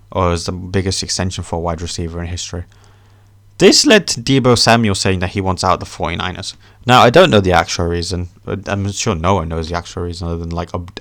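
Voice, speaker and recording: Deep-voiced man ranting casually. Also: dry recording, clean studio sound. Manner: animated, swearing, ranting with laughs. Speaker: podcast host. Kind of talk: casual sports rant.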